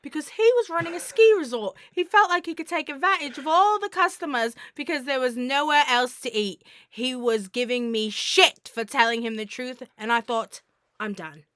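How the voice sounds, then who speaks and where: Woman doing a British celebrity chef impression: brash, indignant, bright and sharp. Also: sits high, normal speed, dry recording.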